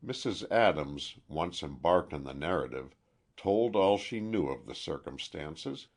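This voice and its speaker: A male audiobook narrator with a low, husky voice. He reads slowly and with lively, shifting intonation. His delivery is measured and expressive. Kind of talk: audiobook reading.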